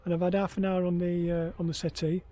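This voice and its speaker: A man's voice: high-pitched, flat delivery, quick pace, dark tone. A man, worn out after heatstroke, vlogging about his ultra run in a rambling, hesitant way with many ums. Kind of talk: casual self-filmed vlog.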